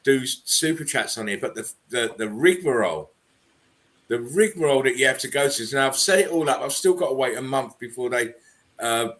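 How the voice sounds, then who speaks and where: A man hosts a relaxed online chat. His talk is loose and rambling, full of restarts and fillers. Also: medium pitch, brisk. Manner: loose, repetitive, with frequent "um" and "uh". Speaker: livestream host. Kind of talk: casual chat.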